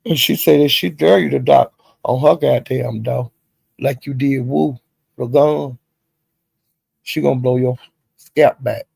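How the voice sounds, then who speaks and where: Gravelly man gossiping about online drama. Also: medium pitch, a little slow, long pauses, dry recording. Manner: gossipy, animated retelling with slang and profanity. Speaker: commentary channel host. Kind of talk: casual recap of online drama.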